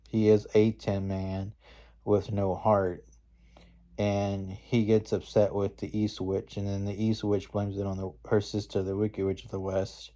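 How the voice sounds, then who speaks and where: Man for a laid-back recap, low-ish, unhurried, rambling. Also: mellow. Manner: rambling, slangy, with many fillers and restarts. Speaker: movie reviewer. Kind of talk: casual scene-by-scene movie recap.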